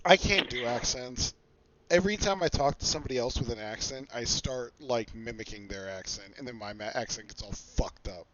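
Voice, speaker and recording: A man's voice: medium pitch, fairly quick, fairly bright tone, dull audio. Joking man in casual player chat. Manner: joking, banter-heavy. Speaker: tabletop game player.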